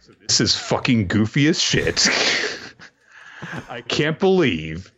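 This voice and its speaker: A man hosting a podcast, casually recapping a manga chapter with animated storytelling and profane asides. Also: medium pitch, slow. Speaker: podcast host.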